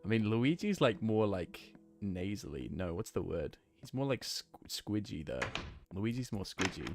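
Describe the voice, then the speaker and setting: Loud music sits behind a fairly low, sing-song male voice moving at a moderate pace. The speaker is a New Zealand-accented game streamer, chatting loosely and thinking out loud with many fillers while he plays and checks chat.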